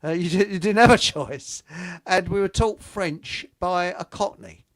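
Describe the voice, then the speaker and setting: A man's voice: high-pitched, measured pace, dry recording. An older man hosting a casual radio chat, rambling and joking as he reads out listener comments. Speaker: host.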